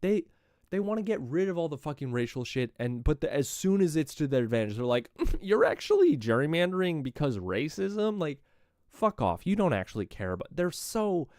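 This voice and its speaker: A male live streamer reads political news aloud, then launches into profane, mocking rants. His pitch swings widely from low to high as he talks. The sound is dry and close, with no room echo. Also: very animated, brisk, a little mellow.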